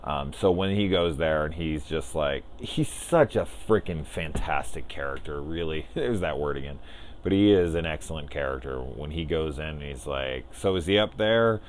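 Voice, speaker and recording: A man's voice: extremely low pitch, normal speed, slight background noise. A man casually rambling through a spoiler discussion of a film as a reviewer, enthusiastic and swearing freely.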